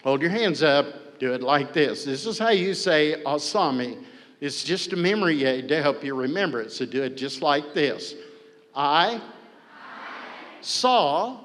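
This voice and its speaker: A man's voice: a little high, lively intonation, moderate pace, hardly any pauses, a bit bright. A man teaching words to children call-and-response style, coaxing and playful, often repeating his instructions. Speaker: language teacher at a powwow. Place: large indoor hall. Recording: long hall reverb, faint ambience.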